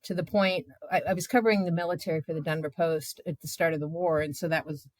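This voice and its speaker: A woman in her fifties, a journalist guest, telling her own stories in a candid, animated way with many filler words. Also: deep voice, fast, no echo. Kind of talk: candid conversational storytelling.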